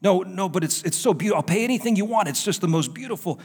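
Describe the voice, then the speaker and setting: A man's voice: high-pitched, expressive, fast, a little mellow, slightly rough, full character voice. A man voicing a crooked old man in a sermon story, sounding eager and pleading.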